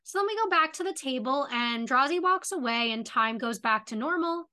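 A woman with a bright, slightly high voice recaps a TV episode for a podcast. She talks casually and quotes the characters' lines as she goes. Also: animated. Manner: retells plot quickly, quoting characters' lines. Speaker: podcast co-host.

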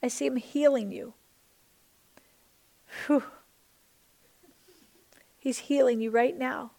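A woman's voice: sits high, steady tone, slow, creaky, dark tone. A middle-aged woman pastor leading an earnest, fervent prayer during a sermon.

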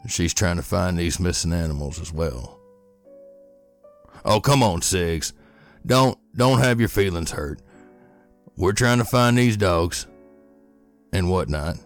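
A man's voice: deep voice, animated, slow pace, pauses often, faint music behind, full character voice. A man voicing a blunt, impatient male ogre in a tabletop game who talks grudgingly. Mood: gruff.

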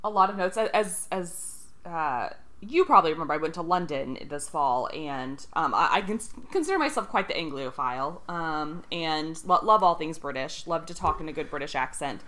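A woman co-hosts a casual podcast, her bright voice rising and falling in a lively way. She tells her stories with frequent laughter. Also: low voice, moderate pace. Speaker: podcast co-host. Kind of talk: casual chat about a sitcom episode.

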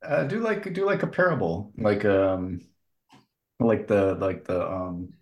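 Deep-voiced casual male co-host. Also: animated, measured pace, muffled recording. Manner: hesitant, many "like"s and restarts. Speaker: podcast co-host. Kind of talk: casual chat.

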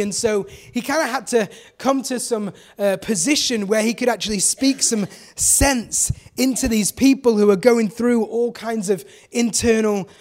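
Male preacher, high voice, lively sermon delivery with questions to the room. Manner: animated, acts out quoted voices, asks the congregation questions.

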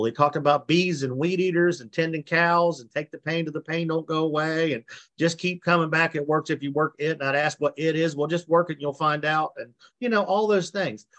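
A man's voice: a little high, fairly bright tone. A man from West Virginia shares his recovery story over a video call. He talks in a folksy, plainspoken way and slips into the voices of the people he quotes. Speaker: recovery meeting speaker. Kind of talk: personal testimony.

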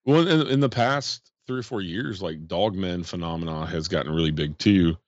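A man's voice: deep voice, normal speed, no echo, muffled recording. A man, chatting casually on a podcast and rambling with many fillers. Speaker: podcast host. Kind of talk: casual chat.

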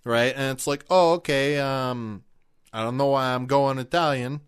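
A man's voice: medium pitch, flat delivery, moderate pace, a bit bright, clean tone. A man co-hosting a casual movie review podcast, joking and riffing in mock voices. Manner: jokey, riffs in mock voices. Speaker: podcast co-host.

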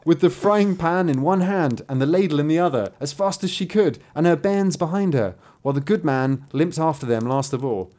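A host reads an old folk tale aloud for a podcast, playful and quick to giggle. Their voice moves up and down with plenty of animation, at a mid pitch. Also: lively intonation, warm tone. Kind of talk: storytelling with banter.

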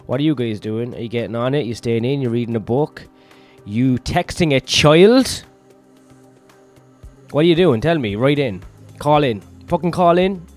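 A run-down man talks into his podcast mic with crude, self-mocking banter, dropping swears every few words. His voice sits at an ordinary middle pitch, with faint music playing underneath. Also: moderate pace. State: tired, run-down. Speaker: comedian podcast host. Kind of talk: rambling solo podcast.

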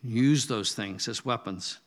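A man's voice: medium pitch, slow pace. A male pastor preaching conversationally, telling stories and acting out quoted asides. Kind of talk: sermon.

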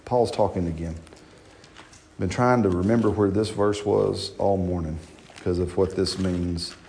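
A man preaches in church, his voice sitting a little low. He talks in a folksy, animated way, often checking with the congregation through rhetorical questions. A faint hiss of noise runs underneath. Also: unhurried, creaky. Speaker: pastor. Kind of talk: sermon.

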